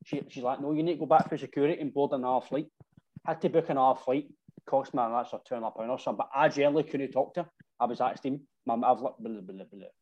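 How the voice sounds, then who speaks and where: A man's voice: mid-range voice, steady tone, racing, a little mellow, lo-fi sound. Scottish man rambling through a story. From Scotland. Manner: rambling anecdotes with slang and frequent "right?". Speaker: football supporter telling stories. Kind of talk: casual chat.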